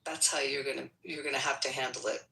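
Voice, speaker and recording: Firm speaker giving step-by-step advice, bright tone. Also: medium pitch, fairly even intonation, quick pace, vocal fry, far from the mic, poor audio. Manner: firm, instructive, lays out steps. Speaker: participant in discussion room. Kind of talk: explaining in a heated discussion.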